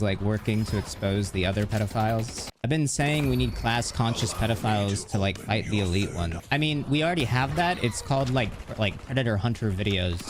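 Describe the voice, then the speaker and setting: A man's voice: lowish voice, background noise. A man live streaming in casual chat, rambling and stringing thoughts together with constant fillers. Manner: rambling, heavy use of "like" fillers. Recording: music playing underneath.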